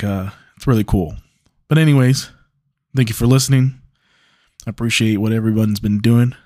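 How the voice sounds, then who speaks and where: A man's voice: mid-range voice, a little mellow. A man in his mid-thirties hosting a solo podcast, telling stories in a rambling, joking way with frequent restarts and cursing. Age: 30s. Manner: rambling, laughing storyteller with restarts and profanity. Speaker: podcast host. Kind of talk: casual solo monologue.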